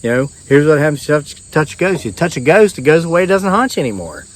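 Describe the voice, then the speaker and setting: A man voicing an excitable old male farmer, a folksy know-it-all who talks in a rising, agitated drawl. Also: on the high side, fast. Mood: explaining.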